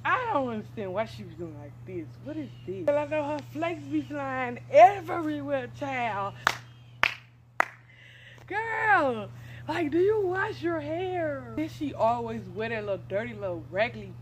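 A woman voicing a snide gossiping schoolgirl, lively and high-pitched. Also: unhurried, a little hiss or hum. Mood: catty. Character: catty gossiping teen girl.

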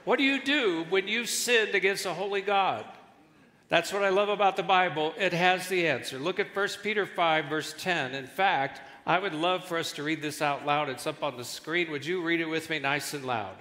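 A male guest pastor preaching a sermon with animated delivery and jokes, in a large church hall. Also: a little high, normal speed, hardly any pauses. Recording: echoey church hall with long reverb.

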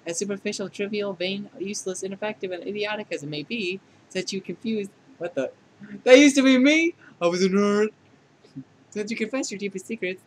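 Man doing a smug female AI, clinical mocking put-downs, fan game dub, higher pitch. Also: a little hiss or hum, natural voice, poor audio. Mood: scornful. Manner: deadpan scolding that tips into shrill outbursts. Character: smug female AI program, condescending and clingy.

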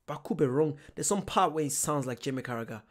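A man's voice: on the high side, lively intonation, fast. A man hosting a reaction video, musing aloud in muttered asides to his viewers. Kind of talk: casual reaction commentary.

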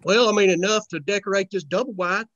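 Folksy young man, high voice. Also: fast, a bit bright, dry recording, lo-fi sound. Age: young adult. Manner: laid-back, folksy, joking. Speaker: comedian guest. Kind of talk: casual podcast chat.

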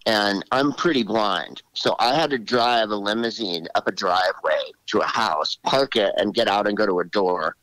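Older guy with a lowish voice, lively storyteller, dry close sound. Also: normal speed, few pauses, no echo, rough recording. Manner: animated, drops into character voices. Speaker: guest comedian. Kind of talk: storytelling interview.

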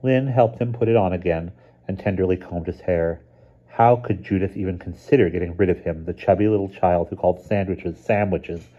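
Male storybook reader, deep and very mellow, calm, lo-fi recording. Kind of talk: storybook narration.

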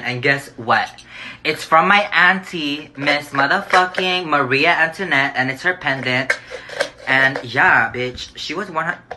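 A man's voice: on the high side, expressive, measured pace, background noise. A young man vlogging casually, sassy and profane, with dramatic shrieks and gasps. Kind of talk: casual vlog chat.

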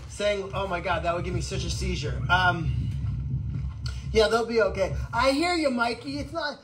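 Man, high voice, excitable, rambling, casual live vlog, outdoors on a farm. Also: a little hiss or hum, rough recording. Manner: excitable and rambling, baby talk to animals. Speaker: animal sanctuary host.

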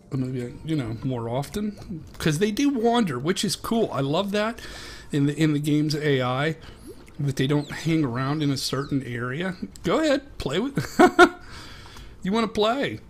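A man's voice: on the high side, a little hiss or hum. A man with a Western Pennsylvania accent hosting a Minecraft let's-play, chatting in a rambling, casual way as he plays. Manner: chatty and rambling, talks to the animals on screen. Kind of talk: casual gameplay commentary.

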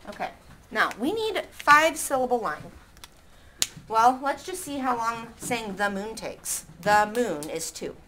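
A woman's voice: a little high, sing-song, bright, forceful tone, a little hiss or hum. Teacher woman drawing ideas from a class. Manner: reads lines slowly, counting syllables. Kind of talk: classroom lesson.

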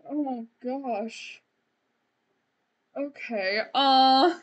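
A woman's voice: sits high, a bit bright. A woman streamer giving casual, chatty, self-deprecating commentary while she plays a life-sim game. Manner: chatty, self-deprecating, says "man" and "frickin'" a lot.

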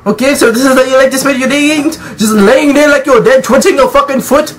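A man's voice: extremely high pitch, fast. A man hosting a gaming channel, giving jokey, profane let's-play commentary and scolding the game's characters.

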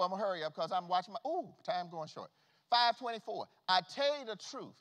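A man preaching a sermon as pastor, swinging from loud calls to hushed, folksy asides. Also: high voice. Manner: preaching with big swings from shouts to hushed tones. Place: church sanctuary. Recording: long reverb of a church hall.

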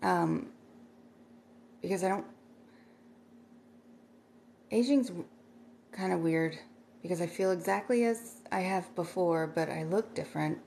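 Middle-aged woman, livestreamer, casual rambling chat, gravelly fry, faint background noise. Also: on the low side, unhurried, long pauses, darkish tone. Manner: rambling, chatty, thanks viewers by name. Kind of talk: casual livestream chat, reading viewer comments.

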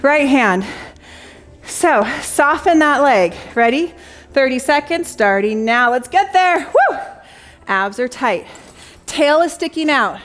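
This young adult Pilates instructor speaks slowly but with animation, her high voice a touch bright. She counts reps and cheers through a jump board class, sounding slightly out of breath.

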